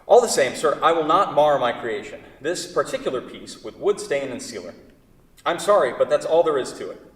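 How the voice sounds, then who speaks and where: A man's voice: a little high, lively intonation, fairly quick, close to an everyday voice. A man reading the part of a fussy, prideful furniture maker at a staged play reading, prim and stubborn, sputtering through restarts. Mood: indignant. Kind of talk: staged play reading, one side of a phone call. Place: large indoor theater stage. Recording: echoey theater hall, mic far off.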